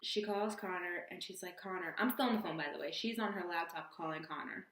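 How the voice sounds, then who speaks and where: A woman's voice: on the low side, a little fast. Slangy young woman telling a story. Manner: animated, slangy, jokey asides. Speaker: vlogger. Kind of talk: casual storytelling. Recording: roomy echo.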